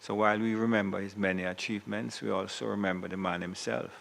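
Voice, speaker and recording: Jamaican man chairing a senate session; gravelly, deliberate, formal. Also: lowish voice, fairly even intonation, fairly bright tone. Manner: measured, occasional self-corrections. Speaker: presiding officer of the senate. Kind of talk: formal parliamentary tribute. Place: senate chamber.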